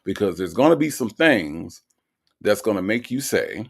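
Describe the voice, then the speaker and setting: A man with a low, fry-laced voice hosts a casual live show, reading viewer comments aloud. He talks in a drawling, teasing way, repeating phrases, and his pitch swings widely. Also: sing-song, moderate pace. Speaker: host. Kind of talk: livestream commentary reading chat.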